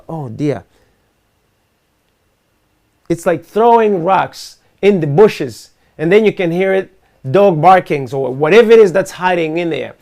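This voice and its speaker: High-voiced earnest male talk host. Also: gravelly, darkish tone. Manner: earnest, emphatic, argues with rhetorical questions. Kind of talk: live online talk show monologue. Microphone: video call setup.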